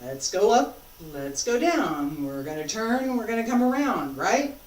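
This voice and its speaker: A woman instructor leading a martial arts practice, giving calm, repeated cues and asking questions as she demonstrates. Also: medium pitch, measured pace. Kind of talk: teaching while demonstrating. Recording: echoey room, voice from a distance.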